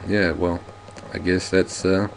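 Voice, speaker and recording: A man casually commenting on a text adventure as a let's play host, wry and relaxed. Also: low-pitched, slow pace, creaky, slight background noise.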